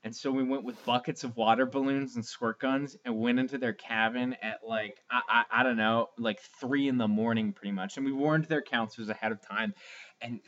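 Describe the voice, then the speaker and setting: A man's voice: mid-range voice, fairly even intonation, brisk, a bit bright, dull audio, slight background noise. A young man co-hosting a podcast, rambling through crude camp stories in casual comedic chat. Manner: crude, rambling storyteller with filler words. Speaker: podcast co-host.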